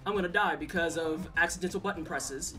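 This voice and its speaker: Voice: medium pitch, brisk, sharp tone. A young adult streamer playing a game live, joking along and teasing the chat in a loose, chatty way. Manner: playful, chatty, teases chat. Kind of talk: casual live-stream commentary. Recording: slightly distant mic, faint game music.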